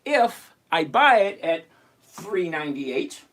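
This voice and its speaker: A man's voice: fairly high pitch, takes it slowly. A middle-aged man hosting a trading livestream, brash and teasing as he reads out chat questions. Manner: brash, animated and teasing, reading chat names aloud. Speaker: livestream host answering chat questions on covered-call trading. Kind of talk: live-stream chat.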